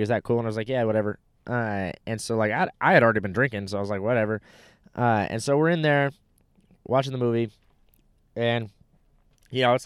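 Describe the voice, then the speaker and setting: A young man tells a story in loose, casual chat, swearing freely and packing his sentences with filler words. His voice is smooth and resonant at an ordinary pitch for a man. The sound is close and dry. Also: dry recording. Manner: rambling, profane, full of "like", "dude" and "bro".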